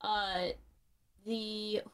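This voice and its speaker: A woman's voice: mid-range voice, flat delivery, drawn-out words, clear, resonant tone. A woman guest in a casual podcast chat, explaining things at length with many fillers.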